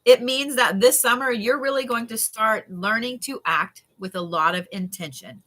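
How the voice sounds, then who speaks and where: A woman doing a chatty, animated live-stream card reading as a tarot reader. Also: on the high side, moderate pace. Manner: chatty and animated, with frequent laughs and yawns.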